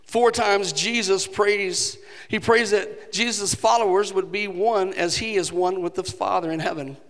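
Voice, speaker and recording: A man's voice: sits high, fairly even intonation, measured pace, fairly bright tone. A male pastor preaching a sermon, earnest and rising to emphatic passages. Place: church sanctuary. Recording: long reverb of a large hall.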